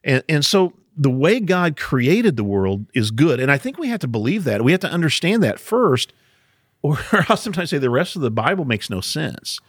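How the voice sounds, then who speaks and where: A man's voice: a little high, very animated, moderate pace, dry recording, studio quality. A man hosting a podcast, explaining Bible passages in a casual teaching chat, often chuckling and restarting his sentences.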